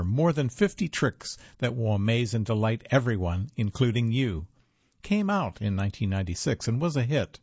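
A man in his fifties narrating his own memoir in the first person, with a wry, deadpan humor. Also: mid-range voice, vocal fry, breathy edge, no room sound. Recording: dull, lo-fi, dry sound.

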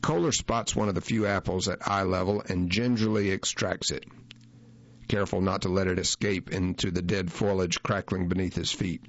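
A man with a low voice tells a first-person story in a measured, unhurried way. The recording is dry and dull, with no room sound and the top end rolled off. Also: steady tone, no echo. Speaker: narrator. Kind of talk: first-person reading of a magazine feature.

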